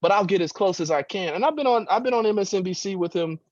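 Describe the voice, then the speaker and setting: A man's voice: high-pitched, animated, fast talker, a little mellow, no room sound, dull audio. A man giving impassioned political commentary as a radio guest, with emphatic, preacher-like rhetoric.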